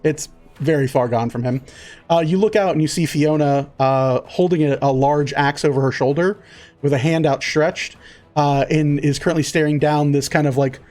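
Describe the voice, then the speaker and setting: A man's voice: on the high side, normal speed, a little mellow. A man narrating a tabletop game as game master, rambling with many fillers.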